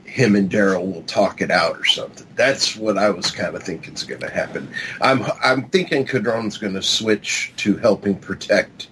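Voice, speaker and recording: A man on a podcast calmly laying out his theory of what happens next. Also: on the low side, moderate pace, slight background noise, low-quality recording. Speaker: podcast co-host. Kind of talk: casual speculation.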